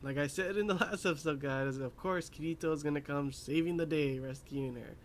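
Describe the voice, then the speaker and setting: A man's voice: on the high side, fairly quick, slight background noise. A young man casually recapping an anime episode, rambling with lots of fillers and laughing at his own asides. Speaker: anime reviewer.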